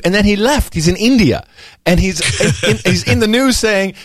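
A man with a high, lively voice hosting a chatty talk show, joking around and swinging his pitch widely. The sound is close and dry. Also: moderate pace, no room sound. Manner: animated, joking, mocking impressions. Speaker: podcast host. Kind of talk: casual chat.

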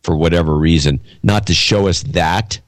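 Deep-voiced skeptical male co-host. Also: normal speed, no room sound. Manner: skeptical, probing questions. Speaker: podcast co-host. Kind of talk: casual chat.

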